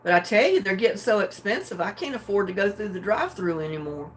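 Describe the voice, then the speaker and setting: An older woman chatting casually with her livestream viewers, drowsy and relaxed, homey and chuckling often. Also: medium pitch, fast talker, a little hiss or hum. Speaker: livestream host. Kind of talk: casual chat with live viewers.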